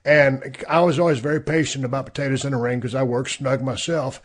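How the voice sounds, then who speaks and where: A middle-aged man with a husky voice at an ordinary pitch, hosting a podcast. He tells his own road stories in a laid-back, rambling way and swears freely. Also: steady tone, a little fast. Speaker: podcast host. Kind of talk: casual storytelling. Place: podcast studio.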